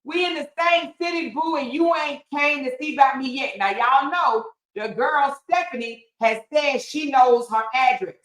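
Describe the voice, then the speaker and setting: Animated, cussing woman gossip host. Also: a little high, roomy sound, poor audio. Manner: animated, loud, cusses freely, acts out quotes. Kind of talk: casual gossip commentary livestream.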